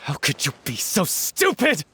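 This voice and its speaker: A man's voice: on the high side, huge pitch swings, unhurried, sharp tone, exaggerated voice. A hot-headed, grieving actor from a video game, whose voice swings widely as he hurls bitter accusations. Faint music plays behind him. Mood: furious. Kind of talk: game voice acting.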